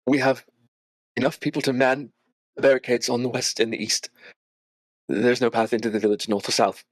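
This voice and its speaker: A young man narrating as game master, measured and earnest, with small hesitations. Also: medium pitch, flat delivery, dry recording.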